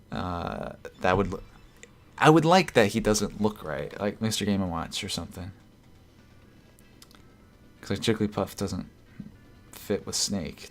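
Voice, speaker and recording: A man streaming live, chatting casually and reading out viewer comments, rambling and correcting himself. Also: lowish voice. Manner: rambling, self-correcting, chuckles often.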